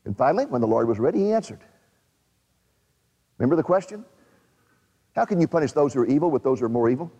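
A man's voice: medium pitch, very animated, quick pace, long pauses, mellow, big-room sound. A male preacher delivering a sermon in a dramatic, emphatic way, putting rhetorical questions to his audience.

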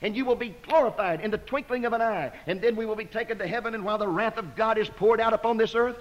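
A man preaching an evangelistic sermon to a congregation, fervent, moving from loud exclamations to hushed, slow emphasis. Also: high voice. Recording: dull lo-fi sermon recording.

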